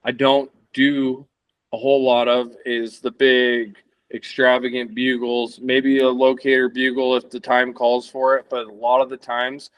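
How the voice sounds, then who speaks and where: A man's voice: medium pitch, fairly bright tone, clear, resonant tone, no room sound. A man in his thirties, a podcast guest talking casually and rambling as he searches for words. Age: 30s. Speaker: podcast guest, elk hunter.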